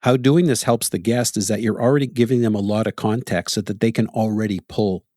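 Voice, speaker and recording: A man's voice: lowish voice, steady tone, brisk, warm tone, no room sound, clean studio sound. A middle-aged Canadian man hosting a podcast, telling stories in a casual, reflective chat and chuckling often. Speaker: podcast host.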